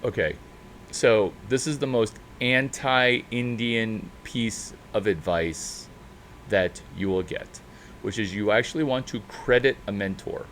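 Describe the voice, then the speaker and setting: Animated man giving startup advice. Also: a little hiss or hum. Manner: animated, jumping pitch and loudness, drawn-out emphasis. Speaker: startup mentor speaker. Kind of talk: off-the-cuff monologue.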